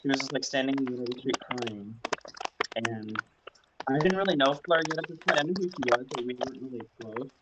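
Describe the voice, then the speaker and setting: Rambling drag performer telling stories. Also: male voice, medium pitch, quick pace. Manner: rambling, animated, acts out quoted voices loudly. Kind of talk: casual storytelling on a livestream. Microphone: video call. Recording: dull lo-fi sound with clear background noise.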